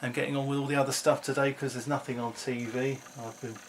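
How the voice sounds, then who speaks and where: A man's voice: mid-range voice, level tone, fast talker, slight background noise. A middle-aged man, chatting to camera at home in a rambling, self-mocking way. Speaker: vlogger. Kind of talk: casual chat to camera.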